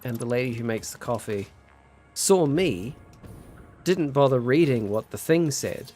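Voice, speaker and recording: Soft background music accompanies a young man streaming a game, who speaks a little slowly in a mid-range voice. He's chatty, telling animated stories and reading chat aloud.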